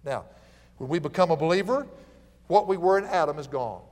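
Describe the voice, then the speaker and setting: A man's voice: a little high, fairly quick, big-room sound. A man with a Southern US accent preaching a folksy sermon, telling stories and chuckling as he teaches. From American South. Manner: folksy, animated storytelling with chuckles.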